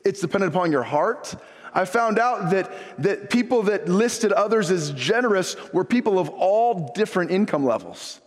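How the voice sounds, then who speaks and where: A male pastor with a notably high voice delivers a sermon in a church sanctuary. His tone is conversational and folksy, and he leans on rhetorical questions. The sound rings with the long reverb of a large room. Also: lively intonation, normal speed.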